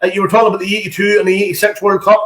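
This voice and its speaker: Northern Irish male interviewer, high voice, rambling chatty questions, roomy echo. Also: little pitch movement, very fast, fairly bright tone. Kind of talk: casual interview chat.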